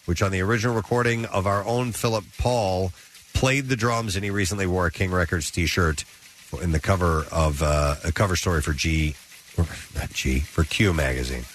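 A man's voice: sits low, moderate pace, a little hiss or hum. A man with a sore throat and the sniffles, hosting a morning radio show and reading entertainment news with asides.

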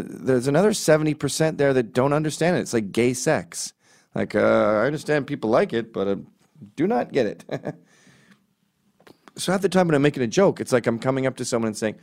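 A middle-aged man telling comic stories in a rambling, self-correcting way, squeaking up for quoted voices. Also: darkish tone. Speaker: comedian. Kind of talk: casual storytelling monologue.

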